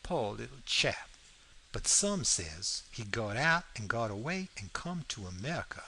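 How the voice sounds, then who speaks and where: A man's voice: mid-range voice, sing-song, a little slow, gravelly, sharp tone, slight background noise. A man reading an audiobook aloud, in a folksy first-person storytelling manner with plain vernacular grammar. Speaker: audiobook narrator. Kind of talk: scripted narration.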